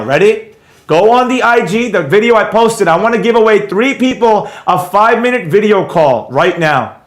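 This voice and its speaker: Brash New man, high voice, echoey. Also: a bit bright. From New York. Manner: blunt, brash, reads chat aloud. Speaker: trading educator on a livestream. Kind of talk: livestream chat with viewers.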